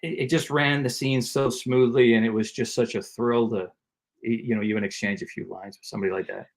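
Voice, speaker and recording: Man, mid-range voice, casual podcast guest, animated storyteller, acts out quotes. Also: medium pitch, a little fast. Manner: animated anecdote teller who acts out quotes. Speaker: guest actor, comedian and voice actor.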